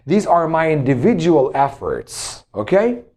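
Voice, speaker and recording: Male English teacher, slow and repetitive pronunciation drills. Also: on the high side, big pitch swings, darkish tone. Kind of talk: pronunciation lesson.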